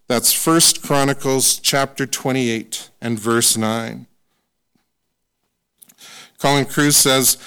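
A man preaching a sermon in a conversational, self-deprecating way, slowing down to stress scripture. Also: medium pitch, steady tone, a bit bright, clear, resonant tone. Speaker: pastor.

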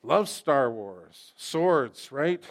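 Animated joking male pastor preaching. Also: medium pitch, drawn-out words. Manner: lively and joking, swings from loud emphasis to quiet intensity. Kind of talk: sermon.

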